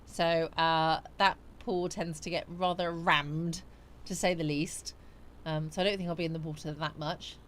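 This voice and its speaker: Sleepy, chatty woman with a low voice. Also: fairly even intonation, unhurried, slight background noise. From West Country, England. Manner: chatty, greets viewers by name and answers their comments. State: sleepy, yawning. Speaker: livestream host. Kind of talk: casual live chat with viewers. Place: small warm home studio.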